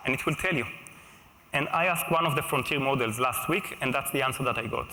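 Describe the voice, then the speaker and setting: A man delivering a conference keynote in a conversational way, now and then checking in with the crowd. His voice is bright and forward, and it carries a long, roomy echo from a big hall. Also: medium pitch, brisk. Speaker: keynote speaker. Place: stage at a large live conference. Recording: echoey large hall.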